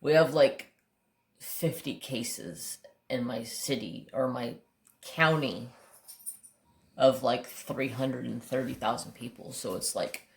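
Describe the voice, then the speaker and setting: A man's voice: mid-range voice, takes it slowly, gravelly. A man hosting a crafting channel tells stories in a casual, rambling way while he works at his craft table. He talks candidly, swears mildly and often restarts his sentences. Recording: roomy echo.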